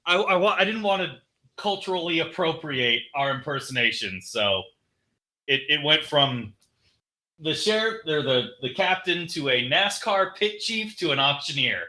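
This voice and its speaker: A male podcast co-host in casual chat, with a very bright voice that swings up and down lively. He is jokey and animated as he talks through movie ratings. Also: a little high, moderate pace. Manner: jokey, animated, laughs at his own bits.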